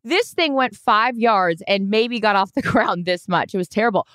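A woman's voice: mid-range voice, moderate pace, fairly bright tone, clean tone, no echo. A woman co-hosting a podcast in casual chat, joking and rambling and swearing freely. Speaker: podcast co-host.

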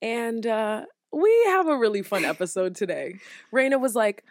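A young woman co-hosts a chatty podcast in a fairly high voice, close and dry on the mic. She swears freely and acts out her own and others' lines with big jumps in pitch. Loose, lively conversation. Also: moderate pace, no room sound. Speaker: podcast co-host. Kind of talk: casual podcast chat.

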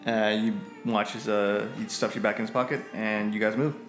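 A man's voice: on the low side, flat delivery, moderate pace, fairly bright tone, roomy sound, soft background music. A man narrating as game master in a casual, rambling way. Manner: casual, many fillers and restarts.

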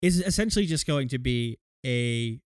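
A man's voice: medium pitch, lively intonation, moderate pace, no room sound, studio quality. A young man co-hosting a casual podcast chat, emphatic and jokey, swearing freely. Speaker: podcast co-host.

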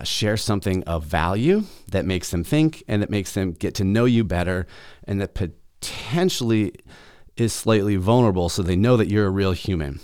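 Man, podcast host, low deep voice, dry close sound, casual solo talk. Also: a little mellow, dry recording. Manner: casual, reads his own email aloud.

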